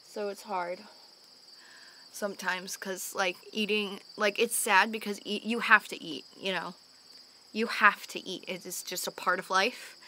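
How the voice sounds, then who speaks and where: A young woman in a candid home vlog, talking earnestly and openly, sighing often as she calms down after a panic attack. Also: mid-range voice, measured pace, a little hiss or hum. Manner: earnest and open, with frequent sighs and fillers. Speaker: vlogger. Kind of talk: candid personal talk to camera. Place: at home in the evening.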